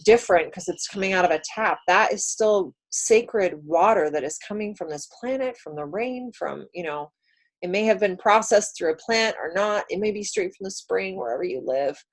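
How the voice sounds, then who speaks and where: A woman co-hosts a relaxed spiritual chat show. Her delivery is gentle and earnest, and she sounds like she is offering sincere, encouraging advice. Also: medium pitch, moderate pace, rough recording. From San Francisco area. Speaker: co-host, card reader.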